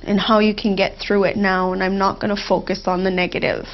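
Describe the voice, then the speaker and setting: Heartfelt woman speaking with halting pauses. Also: medium pitch, little pitch movement, dull audio. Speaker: therapy client. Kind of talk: emotional therapy role-play.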